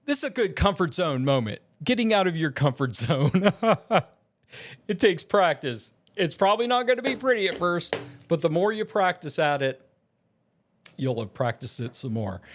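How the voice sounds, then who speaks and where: A man's voice: high voice, fairly bright tone. A man talking in a casual vlog as an aspiring voice actor, rambling and self-deprecating with many restarts.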